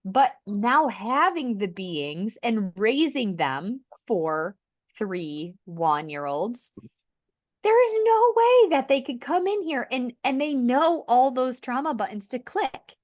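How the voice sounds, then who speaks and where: Earnest woman, higher voice, dry mic. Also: big pitch swings, slow pace, darkish tone, dry recording. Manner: earnest, heartfelt spiritual talk with restarts. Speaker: podcast host. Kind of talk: conversational podcast sharing.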